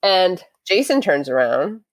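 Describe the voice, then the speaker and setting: Woman with a low voice on a podcast, lively storyteller, dry close sound. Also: measured pace, no room sound. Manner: lively storyteller acting out quotes. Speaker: podcast guest. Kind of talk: casual storytelling interview.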